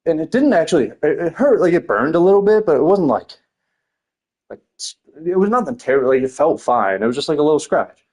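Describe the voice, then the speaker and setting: A man's voice: fairly high pitch, sing-song, fairly quick, darkish tone. A young man telling rambling stories in casual chat, laughing often, swearing and filling his talk with slang.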